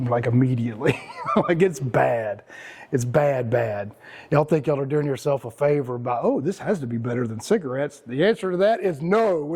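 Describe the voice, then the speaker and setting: A man's voice: medium pitch, darkish tone, slightly rough. A man, hosting and talking casually to a small group, rambling and self-mocking with some cursing and sarcastic mock voices. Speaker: host.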